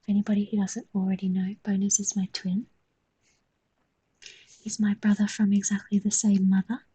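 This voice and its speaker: A woman's voice: mid-range voice, flat delivery, moderate pace, mellow, husky, poor audio. A woman with a London accent, chatting casually on a live stream while she draws, joking, swearing and reading chat aloud.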